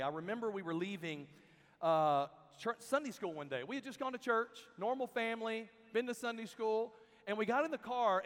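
A man preaching a sermon to a crowd in a large hall, telling stories in an animated way and acting out the people he quotes. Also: sits high. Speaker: camp speaker. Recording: long hall reverb.

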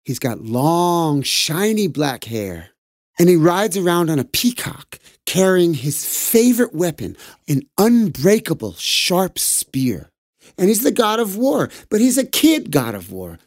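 A man telling a bedtime story for children, gentle and animated, jumping into character voices. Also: high voice, measured pace, dry recording, clean studio sound.

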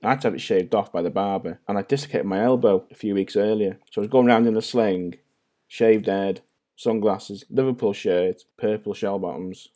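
A man's voice: lowish voice, a little fast, dark tone. A man in his forties from North Wales, with a North Welsh accent that has a Scouse-like twang, chatting over a video call as a podcast guest and telling self-deprecating stories. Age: 40s. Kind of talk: casual chat.

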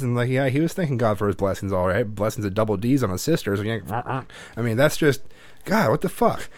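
A man's voice: mid-range voice, animated, a little fast, darkish tone, no room sound. A man in his thirties hosting a podcast, talking bluntly and profanely in casual chat, rambling with restarts. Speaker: podcast host.

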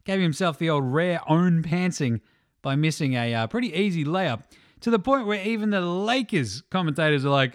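A man's voice: fairly high pitch, expressive, normal speed, dry recording, studio quality. A man with an Australian accent hosting a casual, sweary, mocking basketball podcast. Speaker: podcast host. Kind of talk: casual sports chat.

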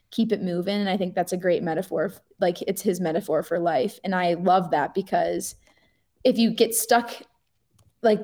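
A young woman, a pro skier, telling a story in a casual, animated way with lots of fillers and laughter. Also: medium pitch.

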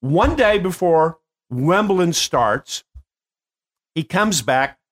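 Older man telling lively stories. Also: fairly high pitch, takes it slowly. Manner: animated, laughing storyteller. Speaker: host and performance coach. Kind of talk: casual storytelling.

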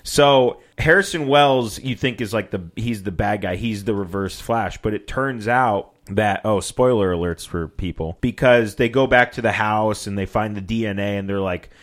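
A man's voice: lowish voice, moderate pace, few pauses. A man hosting a casual podcast, talking loosely, laughing often and swearing freely. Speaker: podcast host. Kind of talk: casual chat.

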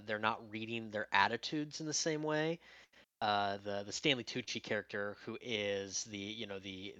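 Low-voiced man chatting about films. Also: no room sound. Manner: animated, acts out quotes from scenes. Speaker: podcast co-host. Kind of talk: casual film discussion.

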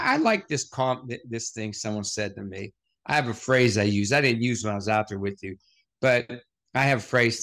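Appearing as a guest on a podcast, a motivational speaker tells anecdotes and fires off short, punchy rhetorical questions. His voice is mid-range with a fairly bright tone.

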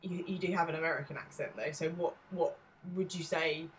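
A woman's voice: low-pitched, steady tone, brisk, a little hiss or hum. A woman with an East London accent, co-hosting a casual podcast and talking things through with plenty of fillers. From England. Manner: thoughtful, with frequent fillers. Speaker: podcast co-host.

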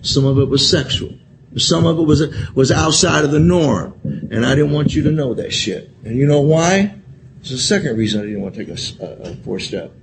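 This man at a convention hall shares his recovery story candidly, rambling, repeating himself, swearing often and saying "man" again and again. His medium-pitched voice is expressive and fairly quick. The live recording has poor audio and loud room noise, and the share is profane and emotional.

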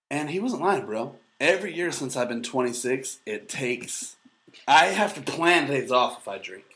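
A man's voice: mid-range voice, normal speed, a little hiss or hum. A man in his thirties co-hosting a casual podcast, joking and swearing freely. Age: 30s. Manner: animated, crude and joking. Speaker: co-host.

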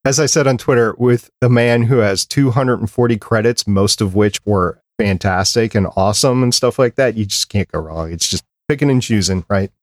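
A man's voice: fairly low pitch, normal speed, few pauses, no room sound. Man hosting a fan podcast, dry mic. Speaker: podcast host. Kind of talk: casual podcast chat.

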